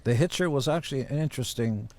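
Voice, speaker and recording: A man as a podcast guest telling casual stories in a blunt, profane, deadpan-boasting way. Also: medium pitch, fast talker. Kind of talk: casual storytelling.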